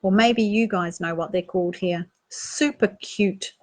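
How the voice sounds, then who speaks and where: A woman with a New Zealand accent reading a children's picture book aloud, gently asking young listeners questions as she goes. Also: medium pitch, unhurried. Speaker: storytime reader.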